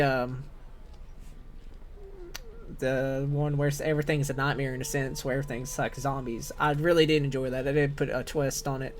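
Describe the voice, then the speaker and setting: A man from Tennessee with a Southern accent, chatting loosely and swearing casually on a live game stream. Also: a little high. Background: game music.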